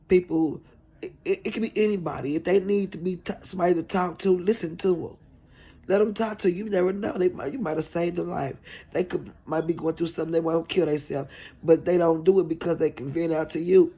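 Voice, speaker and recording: A woman's voice: low-pitched, vocal fry, mellow, husky. A middle-aged woman caregiver vlogging in an earnest, pleading, repetitive way about showing compassion. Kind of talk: heartfelt preachy vlog talk.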